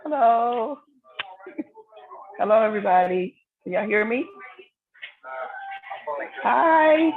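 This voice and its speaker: A woman introducing herself for the first time on a call, shy but warm. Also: fairly high pitch, animated, takes it slowly, long pauses, dry recording. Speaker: panelist. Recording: tinny phone-line audio.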